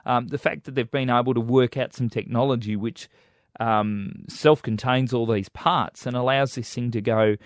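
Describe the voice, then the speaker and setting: A man's voice: mid-range voice, steady tone, moderate pace, no echo, studio quality. A man with a New Zealand accent, co-hosting a casual tech news chat, hesitant with many ums and restarts. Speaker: co-host.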